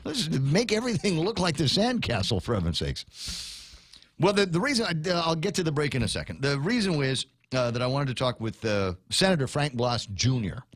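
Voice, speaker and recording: A man hosting a talk radio show, ranting in an animated, conversational way. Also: on the high side, a little fast, breathy edge, dry recording, studio quality.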